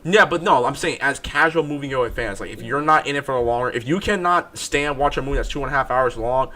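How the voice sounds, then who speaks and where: A man hosting a casual movie review chat, animated and insistent, often repeating himself. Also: medium pitch, fast. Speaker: movie review podcast host.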